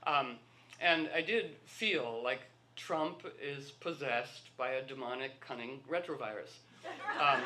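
A man's voice: a little high, noisy background. A man giving a rambling, playful talk to a live group, often slipping into quoted voices.

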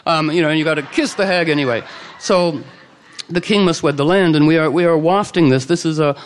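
A man telling an old legend to a live audience in a lively, conversational way, with quick asides and quoted character lines. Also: on the high side. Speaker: storyteller. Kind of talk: oral storytelling to a live audience.

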